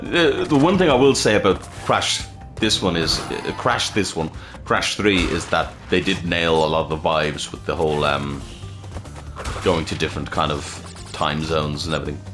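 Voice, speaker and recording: A man's voice: rumbling low, normal speed, music in the background. A man hosting a let's play, chatting casually and swearing freely while he plays. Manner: rambling, swears freely, self-correcting. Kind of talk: casual gameplay commentary.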